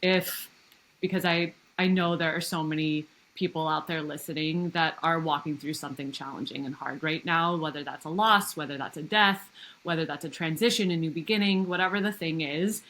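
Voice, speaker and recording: A woman with a fairly low voice hosts a podcast. She is openly emotional and gushing, showering her guest with praise and thanks. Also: fairly even intonation, moderate pace, a bit bright, rough recording. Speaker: podcast host. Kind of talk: interview conversation.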